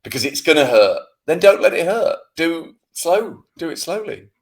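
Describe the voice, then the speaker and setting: Animated, swearing British man on a podcast. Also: fairly high pitch, moderate pace. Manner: animated, swearing, self-mocking rant. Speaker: podcast co-host. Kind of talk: casual podcast chat.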